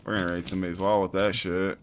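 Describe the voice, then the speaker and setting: A man's voice: low-pitched, flat delivery, rapid-fire, a little hiss or hum. A man streaming a survival game, chatting with friends in brash, slangy trash talk. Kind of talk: casual gaming chat.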